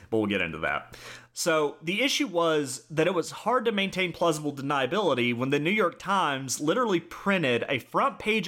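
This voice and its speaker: Lively, bright-voiced young man on a podcast. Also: on the high side. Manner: animated, explains from notes, laughs easily. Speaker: podcast co-host. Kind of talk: casual history podcast chat.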